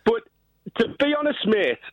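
A man's voice: extremely high pitch, big pitch swings, normal speed, dry recording, highs cut off. A man phoning in to a radio show, chatty and calling the host mate. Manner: chatty, says mate and aye a lot. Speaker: caller. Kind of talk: phone-in chat.

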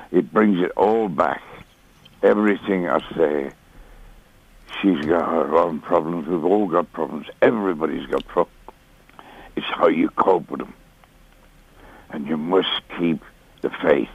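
An older man calling in to a radio show, speaking in a halting, heartfelt way and repeating himself. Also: low-pitched, creaky, breathy edge. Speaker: caller. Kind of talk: emotional phone-in call. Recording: muffled phone line.

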